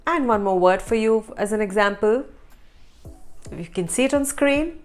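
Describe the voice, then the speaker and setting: A woman's voice: medium pitch, expressive, moderate pace, faint music behind. A woman teaching German pronunciation, repeating each word twice. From India. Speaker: language teacher.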